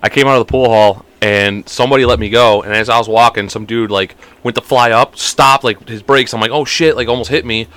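Fast, bright-voiced man telling stories. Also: mid-range voice. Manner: animated storyteller, swears freely, laughs often. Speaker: podcast host. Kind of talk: casual chat.

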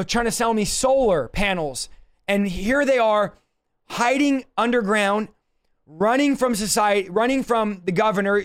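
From a home office livestream, a pastor with a remarkably high-pitched voice teaches scripture, pressing his points forcefully and urgently. His tone stays clean, and he frequently breaks off into quick asides.

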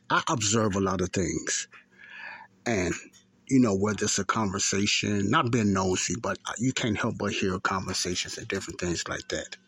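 A man's voice: lowish voice, a bit bright, slightly rough, dry recording. A man in his fifties hosting a podcast, telling a story in a rambling, repetitive way and often correcting himself. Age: 50s. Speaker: podcast host. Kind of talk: casual talk and storytelling.

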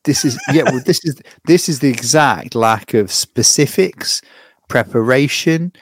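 A man's voice: medium pitch, animated, a little slow, a little hiss or hum. A man hosting a podcast, wry and dry, steering the segments in casual chat. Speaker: podcast host.

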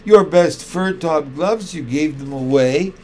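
A soft, gentle storybook mother, voiced by a man reading aloud. The delivery is slow and calm, with a slightly raised voice. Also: fairly high pitch, slight background noise.

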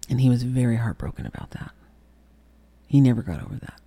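A woman in her sixties, appearing as an interview guest, tells a candid personal story, reenacting past conversations and often sinking to a whisper. Her voice is extremely low, dark and husky, expressive and fast.

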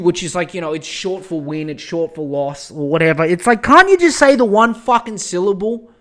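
A man hosting a casual podcast, ranting in a profane, excitable way that often turns exasperated. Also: high-pitched, a little fast, hardly any pauses. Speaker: podcast host.

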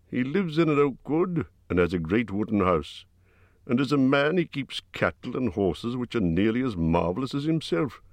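A man's voice: lowish voice, dry recording. A man voicing an old male wizard who is stern, testy and lecturing.

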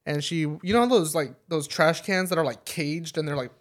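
A man's voice: fairly high pitch, normal speed. Rambling young man telling a story. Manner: rambling storyteller, many fillers, swears, laughs a lot. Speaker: podcast co-host. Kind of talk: casual chat.

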